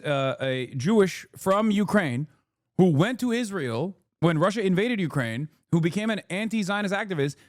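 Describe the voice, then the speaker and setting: Man, 30s, streamer, heated sarcastic rant, rhetorical questions, fairly high pitch, dry close mic. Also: no room sound. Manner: animated, sarcastic, rapid ranting with rhetorical questions. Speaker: streamer reacting to a video. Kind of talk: heated live-stream commentary.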